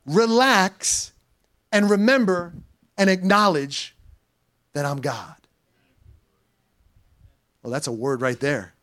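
High voiced guy preaching a sermon, lively and chatty, reads scripture then cracks little slang jokes. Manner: animated, conversational preaching with slang asides. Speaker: pastor.

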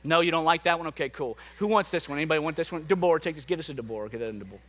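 A man's voice: a little high, very fast. A man preaching a sermon as pastor, joking playfully with the congregation before turning to scripture. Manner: playful, jokey and animated with the crowd. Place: church hall with a congregation.

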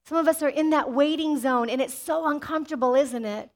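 Woman, pastor, sermon, high voice, energetic, call-and-response, personal stories. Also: fairly quick. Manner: energetic, asks the congregation "amen?"; personal storytelling.

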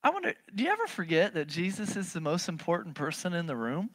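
A preacher delivering a sermon in an animated, emphatic way, pressing the listeners with question after question. The voice sits in a middle register and moves between loud bursts and hushed, low stretches. The recording is dry and close, with no room echo. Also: quick pace. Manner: animated, emphatic, asks many rhetorical questions; swings from loud bursts to low, quiet passages.

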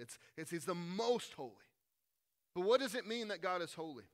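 A male pastor preaching a conversational sermon, swinging from loud, quick asides to hushed, slow passages. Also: high-pitched, very animated.

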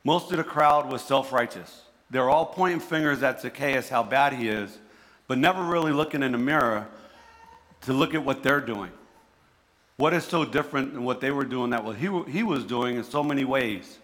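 Brief: man with a New Jersey accent, mid-pitched, preaching in a reverberant hall, casual and repetitive. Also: normal speed, a bit bright. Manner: conversational, repeats himself, restarts words. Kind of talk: sermon.

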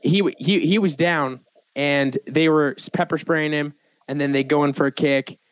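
A man's voice: fairly high pitch, fairly even intonation, normal speed, dry recording. Joking American man hosting a podcast. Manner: joking, laughs often. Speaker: podcast host. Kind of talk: casual podcast banter.

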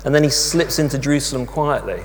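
A man preaching a sermon, telling the story in an animated way with emphatic asides. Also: mid-range voice, quick pace. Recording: long hall reverb with mains hum.

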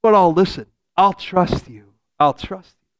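A man's voice: high voice, lively intonation, unhurried, clear, resonant tone. A man voicing the will as an anxious young man who wants to be liked. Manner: hesitant, worried, keeps pleading for reassurance.

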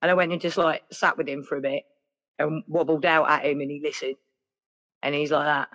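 A woman's voice: low voice, flat delivery, fairly quick, fairly bright tone, lo-fi sound. A woman telling a personal story in a rambling, chatty way, full of "like" and "yeah". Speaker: podcast guest. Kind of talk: casual storytelling.

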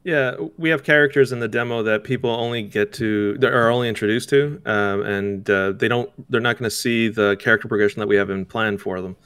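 A man talking casually as an interview guest about making games, halting, restarting his sentences and laughing often. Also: lowish voice, steady tone, a bit bright, smooth, no room sound, studio quality. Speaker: game developer guest.

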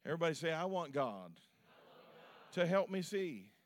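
A man preaching a sermon as pastor, swinging between loud, shouted peaks and quiet, low asides. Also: very animated, moderate pace.

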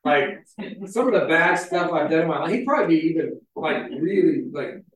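A man's voice: a little high, lively intonation, moderate pace. Chatty preacher man in echoey hall. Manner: chatty, storytelling, frequent "like" fillers. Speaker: pastor. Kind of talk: casual conversational sermon. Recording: very echoey hall, mic far off.

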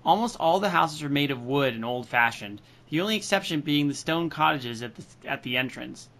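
Male co-host, bright, forward tone, chatty. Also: fairly high pitch, expressive, a little fast. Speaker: podcast co-host, reader. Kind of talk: casual reading and chat.

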